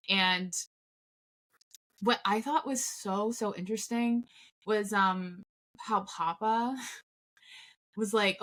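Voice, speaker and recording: A woman's voice: mid-range voice, measured pace, a bit bright. A woman co-hosting a film review podcast in casual chat, laughing often and acting out lines from the film. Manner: chatty, laughs often, acts out quotes. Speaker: podcast co-host.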